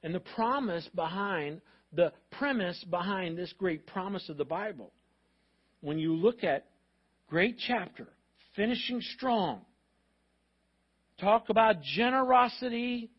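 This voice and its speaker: A man preaching a sermon to his congregation. He talks in a lively, animated way and acts out voices of parents and of God. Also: sits high, measured pace, long pauses, husky, lo-fi sound. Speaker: pastor.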